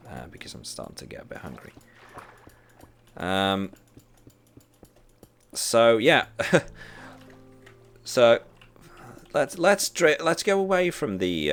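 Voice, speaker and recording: Male streamer chatting while gaming, deep voice that swings widely in pitch, rambling and prone to restarts. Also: a bit bright. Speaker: live streamer. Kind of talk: casual chat while gaming.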